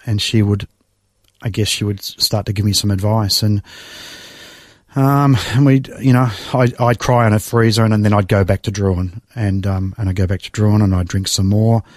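A middle-aged man tells his own story as an interview guest, his low voice catching with feeling and breaking into sighs and restarts. The sound is dry and close, with no room around it. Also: steady tone, darkish tone, dry recording. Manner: emotional, reflective storytelling with sighs and halting restarts. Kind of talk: personal testimony in conversation.

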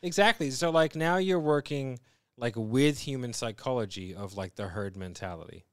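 A man's voice: mid-range voice, moderate pace, clear, resonant tone, no room sound, studio quality. A man in casual conversation, retelling a story bluntly with lots of swearing. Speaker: podcast co-host. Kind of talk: casual chat.

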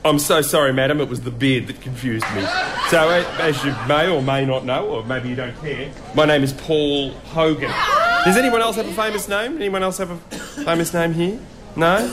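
Australian radio host, playful, noisy studio. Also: male voice, fairly high pitch, moderate pace. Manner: mock stand-up warm-up, playful. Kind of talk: joking radio banter.

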